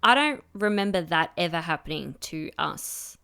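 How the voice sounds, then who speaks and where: Lively low-voiced woman. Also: normal speed, vocal fry, clean tone. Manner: chatty, full of fillers, mimics sounds playfully. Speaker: podcast co-host. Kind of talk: casual chat.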